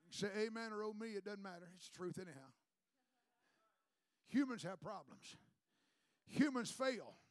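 A man preaching a sermon to his congregation, building to shouted climaxes and calling for a response. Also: high-pitched, expressive, normal speed, pauses often, dry recording, studio quality. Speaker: pastor.

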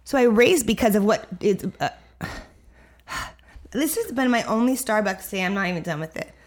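In a mid-range voice at a moderate pace, the podcast co-host, a young adult woman, recounts a story casually. She stays animated, performing the quoted voices of the people involved.

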